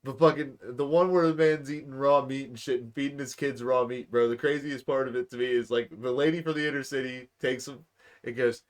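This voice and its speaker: A young man co-hosting a podcast, telling stories in casual, profane, animated chat. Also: mid-range voice, brisk. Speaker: podcast co-host.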